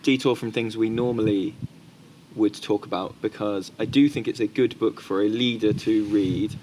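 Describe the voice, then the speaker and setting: A man's voice: fairly low pitch, steady tone, moderate pace, darkish tone, slight background noise. A man, co-hosting a casual podcast chat and telling stories animatedly, often putting on the voices of the people he quotes. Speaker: podcast co-host.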